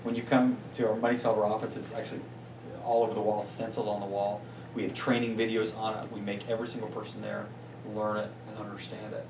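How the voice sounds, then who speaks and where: A man giving an energetic motivational talk as a business coach to a small group, often checking in with "right?". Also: lowish voice, fast talker. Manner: energetic, peppers points with "right?". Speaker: business coach and guest speaker. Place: meeting room with a small audience. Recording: roomy distant sound with faint noise.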